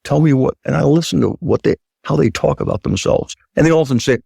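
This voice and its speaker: A man with a gravelly, husky voice talks as a surgeon guest in a dry, close-sounding room. He speaks emphatically, repeats his points for weight, and slips into the voices of patients and doctors as he tells stories. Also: a little high, a little fast, few pauses, mellow, dry recording. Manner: emphatic, acts out quoted patient and doctor talk; repeats key points for stress. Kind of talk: conversational interview talk.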